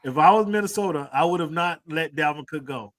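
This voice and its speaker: A man's voice: fairly high pitch, brisk, fairly bright tone, no echo. A man co-hosting a sports talk show, arguing heatedly and insistently, repeating his points and talking over his partner. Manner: insistent, repeats himself, talks over others.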